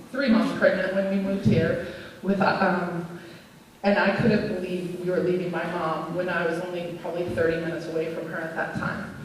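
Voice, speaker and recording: A woman's voice: mid-range voice, slight background noise. A woman, a pastor's wife giving an earnest, personal anniversary speech read from her notes in a church. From Minnesota, USA. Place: church sanctuary. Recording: echoey church hall, mic from a distance.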